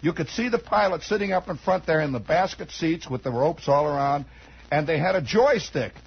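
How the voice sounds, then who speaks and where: Brief: American male radio host in his forties, a high raspy voice, meandering yarn-spinning monologue, lo-fi vintage broadcast. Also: animated, fairly quick. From United States. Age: 40s. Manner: meandering, wry, with many asides. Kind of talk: rambling improvised radio monologue. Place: radio studio. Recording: dull lo-fi 1960s radio recording.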